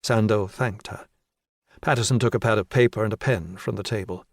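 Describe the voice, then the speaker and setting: A man narrating a crime thriller audiobook in a steady, measured reading. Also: lowish voice, no room sound, studio quality. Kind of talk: scripted narration.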